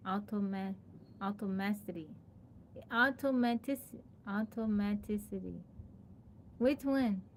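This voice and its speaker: A woman's voice: medium pitch, slow, pauses often, slight background noise. A woman chatting casually on a live stream, thanking viewers by name and laughing as she sounds out a hard word over and over. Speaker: livestreamer.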